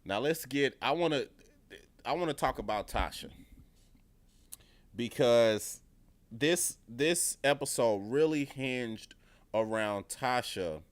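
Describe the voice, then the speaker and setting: A man's voice: mid-range voice, animated, slow, long pauses. Man swearing through a casual TV review. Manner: profane, emphatic, repeats himself. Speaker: TV show reviewer.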